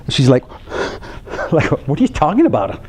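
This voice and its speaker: A man's voice: fairly high pitch, unhurried, husky. A middle-aged man, a psychologist, telling a story in a talk to counselors and acting out his daughter's reactions. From United States. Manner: animated, acts out his daughter's reactions with laughs and gasps.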